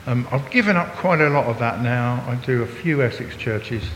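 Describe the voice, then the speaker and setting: A man's voice: lively intonation, moderate pace, fairly bright tone. An Englishman in his sixties, a visiting preacher giving a chatty, joking church talk that draws in his listeners. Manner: chatty and jokey, talks to the congregation. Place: church hall. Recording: long hall reverb, faint rumble.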